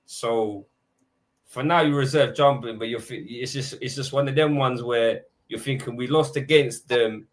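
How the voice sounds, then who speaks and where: A man, talking football casually on a podcast. He is animated and slangy and keeps acting out his own reactions. His voice sits at a middling pitch. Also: moderate pace. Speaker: podcast panelist.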